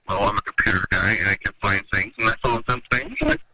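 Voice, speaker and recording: Speaking quickly and animatedly with few pauses, a metal festival organizer from Minnesota, USA tells rambling stories in a laid-back interview. He performs other people's lines in a raised voice, and the radio audio is noisy.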